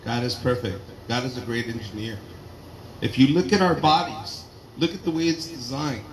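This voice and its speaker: A man doing a loud, profane stand-up comedy set, telling animated stories to a live audience in a garage. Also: mid-range voice, moderate pace, slight background noise. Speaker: stand-up comic. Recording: roomy garage with crowd laughter.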